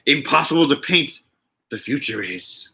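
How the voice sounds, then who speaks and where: A man's voice: mid-range voice, animated, vocal fry, pushed and bright, slightly rough, exaggerated voice. A man putting on Yoda, ancient alien master. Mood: mock solemn. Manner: inverted word order, halting, breaks into laughter. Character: ancient tiny wise alien master, male. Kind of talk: comic impression reading a word game.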